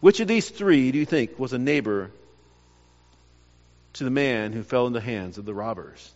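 A man's voice: medium pitch, lively intonation, normal speed, darkish tone, in a large hall, highs cut off. A man preaching a sermon, earnest, often repeating words and restarting phrases as he presses his point. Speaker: pastor.

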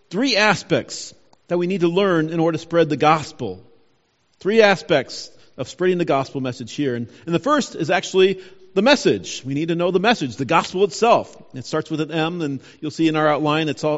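Male pastor, high lively voice, sermon in a reverberant hall on a dull, muffled recording. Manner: animated, emphatic preaching with self-corrections.

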